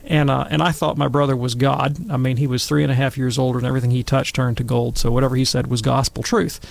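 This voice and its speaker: A middle-aged man telling wry, animated stories and commenting on scripture in a casual talk. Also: mid-range voice, quick pace, gravelly. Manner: wry, animated anecdotes with acted quotes.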